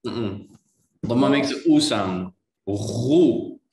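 A man teaching Quran reading one-on-one, patiently correcting pronunciation and slowly modeling each sound. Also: mid-range voice, reverberant, slight background noise.

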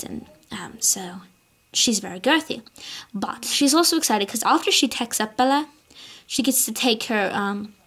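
A woman's voice: mid-range voice, fairly bright tone. A young woman chatting casually in a bubbly, rambling vlog with many fillers. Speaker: vlogger.

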